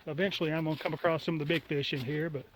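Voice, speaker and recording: A man's voice: fairly high pitch, steady tone, racing, slight background noise, low-quality recording. A man from north Alabama, casually narrating a fishing trip by a lake, out of breath and talking to the camera. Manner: laid-back, talks to the camera while fishing. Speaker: fishing vlogger. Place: outdoors by a lake.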